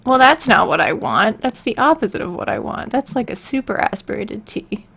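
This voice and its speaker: A woman's voice: medium pitch, big pitch swings, moderate pace, gravelly, fairly bright tone, husky. A woman on a casual live stream who mutters to herself while she works and answers chat questions. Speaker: voicebank creator streaming.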